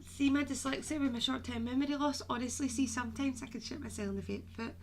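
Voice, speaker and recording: A woman's voice: high voice, fast talker, a little hiss or hum. A woman hosting a live stream as a medium, chatting casually with viewers and calling them "my darling".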